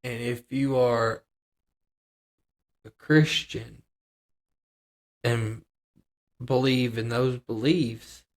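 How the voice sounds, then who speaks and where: A man's voice: mid-range voice, steady tone, very slow, pauses often. Rambling man co-hosting a podcast. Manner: rambling, hedging, many restarts. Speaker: podcast co-host. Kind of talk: casual chat.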